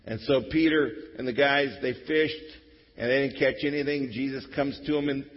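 A male pastor preaching a sermon in a church, telling a story with lively swings from soft to loud. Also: medium pitch, normal speed. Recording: reverberant hall, dull lo-fi sound.

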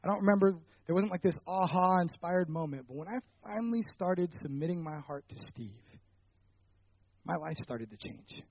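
High-voiced young man telling a story. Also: fairly quick, hardly any pauses, lo-fi sound, slight background noise. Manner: animated storytelling, rising loud when retelling anger. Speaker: ministry leader telling a personal story. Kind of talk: personal testimony talk.

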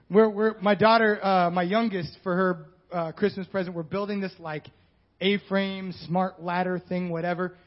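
A man's voice: sits high, steady tone, moderate pace. A male pastor preaching a sermon in a conversational style with joking asides. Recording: dull lo-fi sound.

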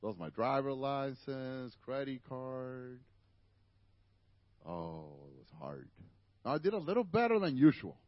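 Lively Spanish-accented male preacher. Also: mid-range voice, a little slow, muffled recording. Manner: animated, conversational preaching with asides to the congregation. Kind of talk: sermon. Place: church.

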